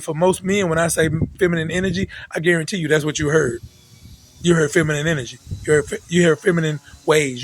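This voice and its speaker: A man's voice: fairly high pitch, rough recording. A man delivering a preachy, repetitive monologue straight to his listeners, hammering his points with restarts. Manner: repetitive, emphatic, with frequent restarts. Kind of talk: preachy direct-address monologue.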